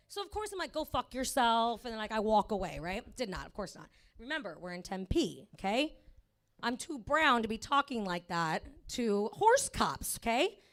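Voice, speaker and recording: A woman's voice: on the high side, a bit bright. A woman in her thirties doing a rambling, profane stand-up set at a comedy club, full of fillers.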